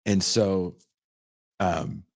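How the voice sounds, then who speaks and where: This young podcast host speaks low and steady with vocal fry, in a dry, clean studio recording. Reviewing a film, he casually and comically retells the plot with profanity and sarcasm, acting out characters in brief, quick voices.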